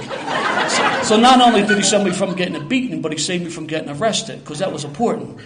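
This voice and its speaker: A man's voice: sits high, a little fast, very noisy. An older man from Philadelphia with a Philadelphia accent, telling a self-mocking, streetwise story to a live audience.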